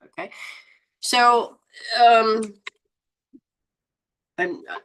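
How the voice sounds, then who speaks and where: A woman hosting a spiritual live stream, reading viewer comments and coaching them in a lively, exclaiming, rambling way. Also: a little high, extremely slow, clean tone. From Southern Hemisphere. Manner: animated, exclaims and laughs often. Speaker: host.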